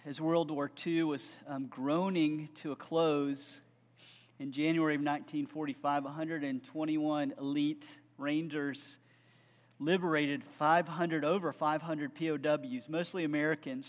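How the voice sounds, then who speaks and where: Earnest preacher in a reverberant hall. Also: male voice, a little high, level tone, unhurried. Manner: earnest storytelling building to fervent prayer. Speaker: pastor. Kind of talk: sermon.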